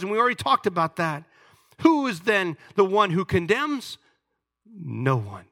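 Male pastor, high and bright, emphatic sermon delivery. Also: very animated, unhurried. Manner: emphatic, calls congregation to respond.

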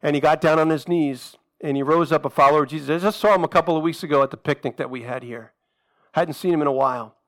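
High-voiced male pastor preaching. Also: quick pace, rough recording. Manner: conversational, repeats phrases, asks the congregation direct questions. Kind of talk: sermon.

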